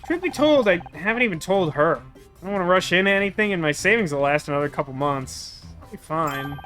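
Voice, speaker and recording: A weary young actress, subdued and quiet, as a man reads her lines. The voice sits fairly high and bright, over faint game music. She sounds worn down but steady. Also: brisk. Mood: tired.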